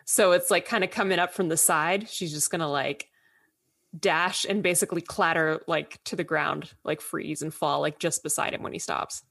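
Low-voiced woman, a player in a tabletop game, giggly and rambling. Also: normal speed, vocal fry, fairly bright tone. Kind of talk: casual tabletop game play.

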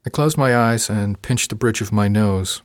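With clean studio sound and no room sound, a fairly low-pitched man narrates an audiobook told in the first person. His storytelling stays steady and measured throughout.

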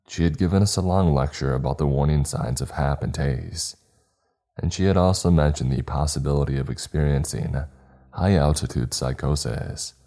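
A man narrating a first-person scripted horror story in a steady storytelling manner. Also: rumbling low. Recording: faint music underneath.

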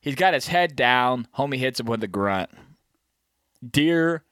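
Slangy, animated man telling a hunting story. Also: mid-range voice, measured pace, clean tone, dry recording, studio quality. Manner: animated storyteller, acts out the deer's thoughts; slangy, peppered with "you know what I mean". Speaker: bowhunter recounting a hunt. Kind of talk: casual chat.

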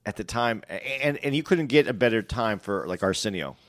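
A man's voice: lowish voice, expressive, brisk, no room sound, studio quality. A man co-hosting a casual chat, talking in an easygoing, agreeable way. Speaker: podcast co-host.

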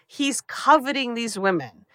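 A woman playing a cunning older male psychiatrist who asks calm, probing questions in a comic podcast recap. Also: on the high side, measured pace, no echo, clean studio sound.

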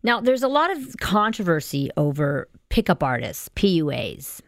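A woman hosting a radio dating talk show, chatty and quick to jump in. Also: low-pitched, big pitch swings, no room sound, studio quality.

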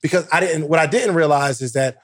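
A man hosting a casual podcast chat who responds with quick, relaxed affirmations and jokes. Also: a little high, no room sound, clean studio sound. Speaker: podcast host.

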